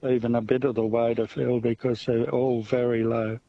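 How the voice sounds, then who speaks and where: An Australian man, a dairy farmer calling in to radio, talking in a halting way with many fillers. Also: medium pitch, little pitch movement, vocal fry, dry recording. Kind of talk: phone-in chat. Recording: dull lo-fi phone line.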